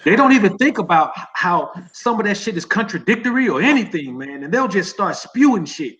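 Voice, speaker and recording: A man's voice: high voice, big pitch swings, a little fast, a bit bright. Laid-back man on muffled call audio. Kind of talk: casual chat.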